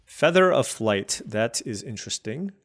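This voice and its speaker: Lively man thinking aloud over a card game. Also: medium pitch, a little slow. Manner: lively, chatty, musing over each play. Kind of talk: thinking aloud while playing.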